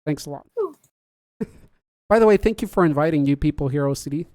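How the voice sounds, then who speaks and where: Brief: laid-back podcast host, mid-pitched, dry close sound, chats and laughs with live viewers. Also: a little fast, mellow, no echo. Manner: chatty, laughs often, jokes at own slips. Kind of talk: casual livestream chat.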